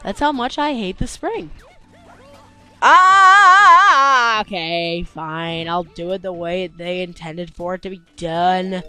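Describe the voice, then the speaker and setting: A young man giving gameplay commentary, tired and yawning, complaining one moment and yelping with excitement the next. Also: high-pitched, clear, resonant tone. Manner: excitable, complaining, with sudden yelps. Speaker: let's play host. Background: faint game music.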